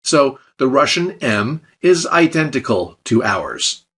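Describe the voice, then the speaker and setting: A man teaches a language lesson in scripted narration, his voice a touch husky. His pitch moves a lot as he explains each point and drops the odd dry joke. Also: big pitch swings, slow pace, fairly bright tone. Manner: explanatory, with light dry jokes.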